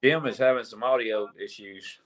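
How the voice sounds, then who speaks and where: A man's voice: mid-range voice, normal speed, fairly bright tone. Southern guy hosting a group call, folksy drawl, just shooting the breeze. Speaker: host. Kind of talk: casual group voice chat.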